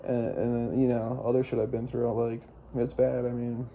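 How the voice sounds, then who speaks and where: A young man with a very dark, mellow voice rambles through a personal story. He swears freely and keeps restarting his sentences as he talks. His pitch sits in a middling range for a man. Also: little pitch movement, normal speed. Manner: profane, meandering, frequent restarts and fillers. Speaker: vlogger.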